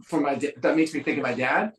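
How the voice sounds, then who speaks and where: Relaxed man telling family stories. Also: a little high, fast talker, echoey room, rough recording. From San Francisco. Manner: relaxed storyteller, dry humor, frequent ums. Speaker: musician guest. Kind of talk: casual interview chat.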